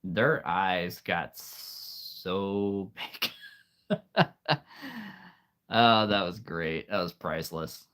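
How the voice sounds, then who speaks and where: A man in his late thirties chatting casually with viewers on a live stream, easygoing and quick to laugh. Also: deep voice, a bit bright, clean tone. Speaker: streamer and voice performer.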